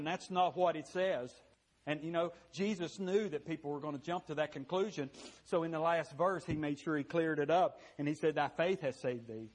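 A man preaching a sermon as pastor, impassioned and folksy, swinging from loud bursts to hushed confession and often repeating words as he goes. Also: on the high side, fairly quick. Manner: repeats words and restarts phrases while preaching.

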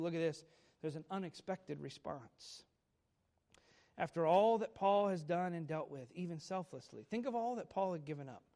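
A man's voice: high voice, darkish tone. A man preaching a sermon, earnest, acting out quoted prayers with pleading emphasis. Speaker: pastor.

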